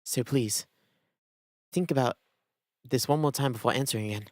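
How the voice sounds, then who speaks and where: A man voicing a quiet, thoughtful investigator who muses in a low, hushed voice while reading game dialogue aloud. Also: moderate pace, no room sound, studio quality, close to an everyday voice. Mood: musing.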